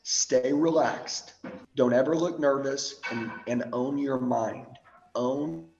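A man coaching on public speaking in a motivational training talk, firing off short repeated commands with occasional swearing, swinging between loud fired-up bursts and slow, quiet emphasis. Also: medium pitch, gravelly, reverberant, dull audio, slight background noise.

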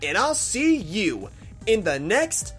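Brief: high-voiced male let's-play host, excitable, trash-talks bosses, faint game music behind. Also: takes it slowly, breathy edge. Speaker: gaming channel host.

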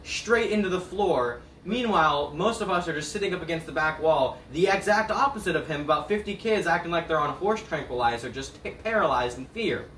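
A teenage boy telling a comic story on a school stage, animated and laughing as he goes. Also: fairly high pitch, brisk, hardly any pauses, a little hiss or hum. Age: teens. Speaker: talent show performer. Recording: roomy hall, mic at a distance.

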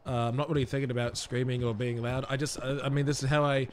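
This is a young Australian man talking casually into his desk microphone, calm and low-key. His voice is neither high nor low, and he keeps it quiet and unhurried. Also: a little hiss or hum. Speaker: streamer. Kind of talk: casual chat to stream viewers.

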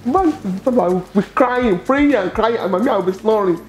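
A middle-aged Nigerian woman telling her story as an interview guest, expressive and quick to laugh. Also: fairly high pitch. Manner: expressive, laughs often, acts out quoted dialogue. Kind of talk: animated personal storytelling.

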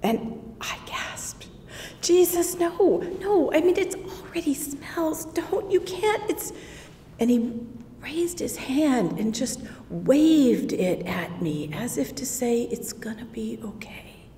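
A grieving sister recounts the moment in awe, as a woman performs her in a worship service. She tells it slowly and with feeling, dropping to a hush when things grow tense. Her fairly high voice rings with the long reverb of a church hall. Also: lively intonation, a little hiss or hum. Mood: earnest, awed. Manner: emotional storytelling, drops to whispers at tense moments. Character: grieving adult woman sister, awestruck witness. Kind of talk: first-person dramatic monologue in a worship service. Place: church sanctuary.

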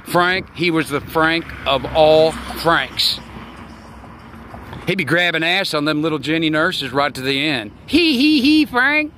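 A man in his sixties giving a rambling, preachy folksy monologue outdoors, with loud bursts. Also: a little high, fairly even intonation, measured pace, a little hiss or hum. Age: 60s. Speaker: online talk show host.

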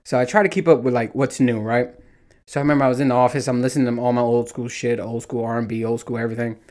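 Profane, animated man in his thirties. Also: medium pitch, fast talker. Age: 30s. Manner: animated, profane storytelling with mimicked dialogue. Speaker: podcast host. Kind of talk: casual solo rant.

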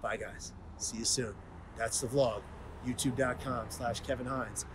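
A man's voice: mid-range voice, steady tone, a little slow, noisy background. A man in his thirties talking earnestly and emotionally in a personal vlog, heartfelt and confessional. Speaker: vlogger.

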